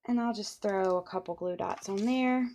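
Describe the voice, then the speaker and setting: A woman's voice: mid-range voice, moderate pace, darkish tone. A middle-aged woman chatting through a papercraft tutorial, rambling with playful asides. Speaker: papercraft demonstrator. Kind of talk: casual crafting tutorial.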